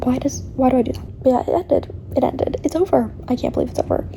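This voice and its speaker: High-voiced young woman, chatty and whispery. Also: quick pace, gravelly, background noise. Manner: chatty and animated, often dropping to a whisper and laughing. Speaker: book vlogger. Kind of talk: casual reading vlog. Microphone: camera facing the speaker.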